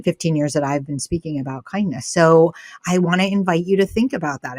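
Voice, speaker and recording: A woman guest in a conversational interview tells stories with animation, acting out quoted dialogue. Her voice sits low, and the studio-quality recording has no room sound.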